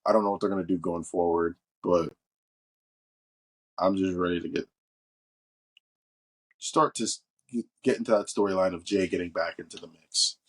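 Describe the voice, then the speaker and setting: Low-voiced man chatting casually about wrestling. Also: normal speed, long pauses, breathy edge. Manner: relaxed, rambling, nitpicky. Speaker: podcast co-host. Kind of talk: casual wrestling review chat.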